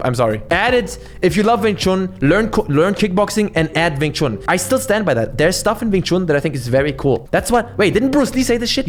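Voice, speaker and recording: A man ranting bluntly and swearing a lot as he reacts to a video, with frequent restarts. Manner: lively pitch swings, restarts. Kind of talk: profane reaction commentary.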